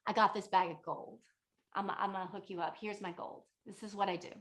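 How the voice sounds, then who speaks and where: A woman's voice: medium pitch, steady tone, fairly quick, close to an everyday voice. A woman doing an eager, pleading young seeker. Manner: breathless, pleading, stumbling over words.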